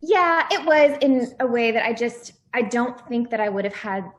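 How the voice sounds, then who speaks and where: A woman's voice: fairly high pitch, lively intonation, moderate pace. A woman in her thirties, a former healthcare worker and podcast guest, talking candidly in casual chat and laughing often.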